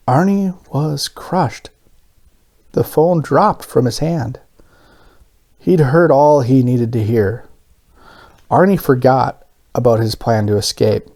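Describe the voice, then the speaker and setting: A man reading a children's storybook aloud as a parent, expressive and animated. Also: mid-range voice.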